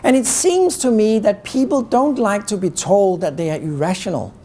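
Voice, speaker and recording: Guy giving a keynote, lively up-and-down voice, keeps firing questions at the crowd. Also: high-pitched, normal speed. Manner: animated, teasing, full of rhetorical questions to the audience. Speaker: keynote speaker on negotiation. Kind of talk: live talk to an audience.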